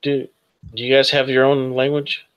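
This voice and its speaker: A man narrating as game master of a tabletop role-playing game, hesitant with many pauses and fillers. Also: medium pitch, completely flat delivery, a bit bright, smooth, dry recording, lo-fi sound.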